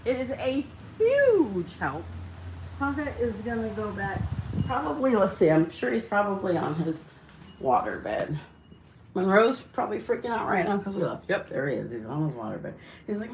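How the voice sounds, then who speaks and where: A woman's voice: mid-range voice, sing-song, moderate pace, crowd noise, low-quality recording. Chatty woman hosting a live stream. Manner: chatty, reads out viewer comments, gets heated about dogs. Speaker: livestream host. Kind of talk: casual live-stream chat with viewers.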